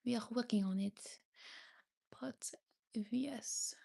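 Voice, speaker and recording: Chatty French-accented woman, fairly high voice. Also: slow pace, vocal fry, warm tone. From France, Paris. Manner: chatty, frequent ums and restarts. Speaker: livestream host. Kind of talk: casual livestream chat reading comments. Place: seated on her bed indoors. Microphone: phone.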